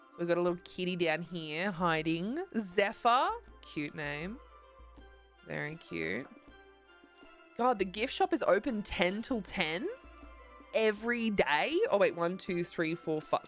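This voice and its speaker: A young woman chatting loosely on a livestream, her voice sitting a bit low for a woman. She rambles through filler words and sounds sleepy. Soft game music hums faintly underneath. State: sleepy, yawning. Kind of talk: casual chat while gaming.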